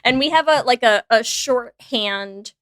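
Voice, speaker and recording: American woman podcast host, bright smooth voice, playful and animated, dry close sound. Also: fairly high pitch, a little slow, dry recording. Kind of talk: casual podcast chat.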